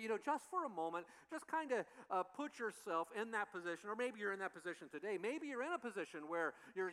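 A man delivers a sermon with a high, bright and forceful voice. He talks conversationally and keeps circling back to rhetorical questions. A long hall reverb trails his words. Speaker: pastor.

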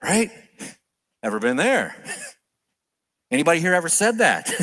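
A man preaching a sermon in an animated way, acting out the prayers he quotes with big swings in pitch and volume. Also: unhurried, pauses often.

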